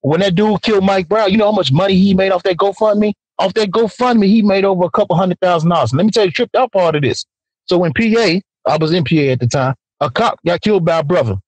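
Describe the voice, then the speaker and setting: Fast, heated man ranting on a podcast. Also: high voice, no echo, poor audio. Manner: heated, profane and emphatic. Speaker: podcast host. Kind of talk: angry podcast rant.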